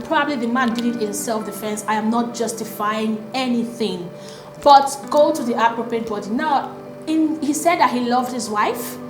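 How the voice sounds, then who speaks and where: A woman's voice: on the high side, reverberant. A woman in her thirties with a Nigerian accent, giving earnest advice in a casual vlog commentary, with frequent ums. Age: 30s. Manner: earnest, advising, many ums. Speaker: commentary vlogger.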